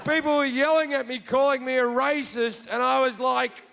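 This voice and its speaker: An Australian man doing profane, animated stand-up storytelling on a theatre stage. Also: very high voice, moderate pace, vocal fry, a little hiss or hum. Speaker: stand-up comedian.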